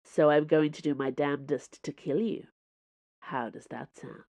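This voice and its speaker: A man's voice: a little high, normal speed, gravelly, darkish tone, dry recording. A woman voicing a posh, smug male musketeer with a cool, mocking, theatrical manner and an upper-class accent. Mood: menacing.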